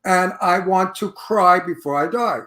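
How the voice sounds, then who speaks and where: A man with a Brooklyn accent, co-hosting an interview show and telling animated, profane stories. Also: high voice, a little slow. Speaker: co-host. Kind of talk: casual chat.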